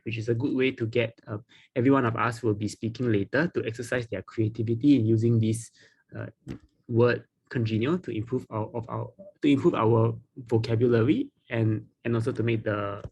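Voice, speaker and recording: A man hosting an online club meeting, introducing speakers in a halting way with restarts and throat clearing. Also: medium pitch, a little mellow. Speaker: meeting host. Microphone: video call.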